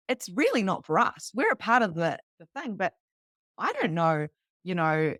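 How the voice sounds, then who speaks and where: A New woman in her thirties telling a personal story to a live group, animated and casual, swearing freely. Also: fairly low pitch, no echo, clean studio sound. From New Zealand. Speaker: psychic medium teaching beginners.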